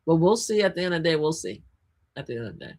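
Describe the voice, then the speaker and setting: A woman co-hosting a live news talk stream in casual chat, animated and excitable, often restarting her sentences. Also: sits low, very fast. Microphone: streaming setup.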